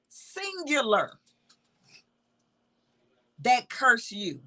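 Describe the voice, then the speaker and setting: A woman's voice: fairly high pitch, big pitch swings, extremely slow, long pauses, a bit bright, rough recording. A woman teaching from the Bible in a casual, emphatic way, reading verses aloud and repeating key words.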